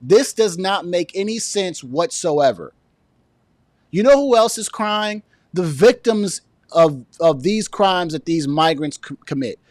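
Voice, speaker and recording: High-voiced, indignant man ranting. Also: animated, measured pace, no room sound. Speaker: commentary vlogger. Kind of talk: political commentary rant.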